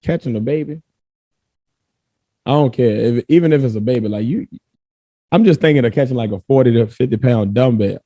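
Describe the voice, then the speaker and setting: A man co-hosting a casual podcast, thinking aloud in a relaxed way with many fillers. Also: mid-range voice, brisk, pauses often, no room sound, lo-fi sound. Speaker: podcast co-host. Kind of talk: casual chat.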